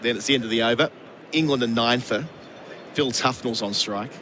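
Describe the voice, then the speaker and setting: A man doing ball-by-ball radio cricket commentary, brisk, lifting his voice to call each delivery. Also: medium pitch, bright, forceful tone, slight background noise.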